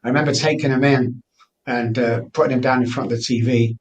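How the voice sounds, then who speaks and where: Speaking fairly quickly in a steady, mid-range voice, a middle-aged Mancunian guest candidly shares his personal story in an interview. He's earnest, often restarts his sentences, and sits somewhat far from the microphone. The audio has its highs cut off and a little hiss or hum.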